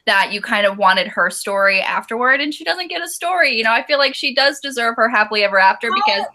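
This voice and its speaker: Chatty, giggly woman co-host with a bright, slightly high voice. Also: expressive, fast. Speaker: book podcast co-host. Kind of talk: casual book discussion.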